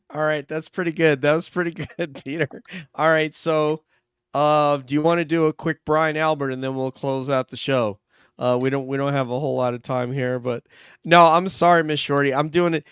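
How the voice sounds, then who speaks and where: A man's voice: fairly high pitch, fairly even intonation, normal speed, fairly bright tone, smooth, no echo, clean studio sound. A man hosting an online true-crime show in casual, loose chat. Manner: loose, chatty, laughs easily. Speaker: host.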